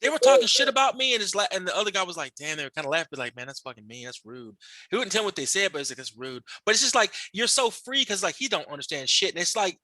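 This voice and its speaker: A man with a high, bright voice tells a long, rambling story in casual podcast talk. He swears a lot, restarts sentences and leans on fillers. The sound is close and dry. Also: expressive, rapid-fire, few pauses, dry recording. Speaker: podcast host interviewing a guest.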